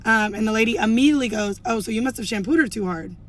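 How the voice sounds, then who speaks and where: A woman's voice: on the high side, fast talker, a bit bright, a little hiss or hum. A young woman telling a storytime to camera in a casual, chatty way, full of "like" and acting out what others said. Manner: chatty, heavy use of "like", acts out quoted lines.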